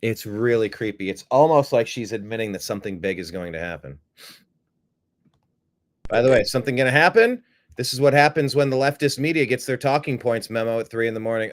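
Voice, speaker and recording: A man's voice: medium pitch, animated, a little fast. A man hosting a political commentary show, talking in a sarcastic, mocking way. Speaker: host.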